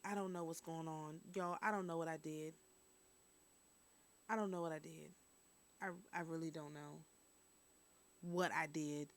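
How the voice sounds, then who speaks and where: A woman's voice: deep voice, a bit bright. A woman hosting a casual news and review stream, chatting straight to her viewers.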